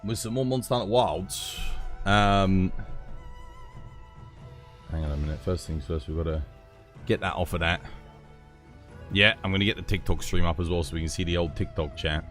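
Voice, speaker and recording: A man's voice: deep voice, moderate pace, pauses often, a bit bright, soft background music. A British man hosting his own live stream, chatting casually, laughing and swearing freely from his home streaming setup.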